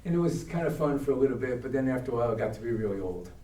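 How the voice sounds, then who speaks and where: An older man with a New York accent tells stories to a group and acts out the other people's voices. His voice is mellow and dark. It sounds echoey and a little far from the mic, as if recorded in a church hall. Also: mid-range voice, rapid-fire. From Brooklyn, New York. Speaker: guest speaker. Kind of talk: storytelling talk.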